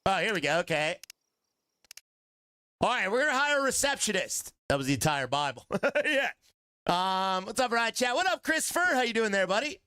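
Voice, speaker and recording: A man's voice: high voice, big pitch swings, normal speed, pauses often, bright, forceful tone, clean tone, no room sound. A man streaming a game, joking and chatting with his viewers and groaning at long dialogue. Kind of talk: casual live gaming commentary.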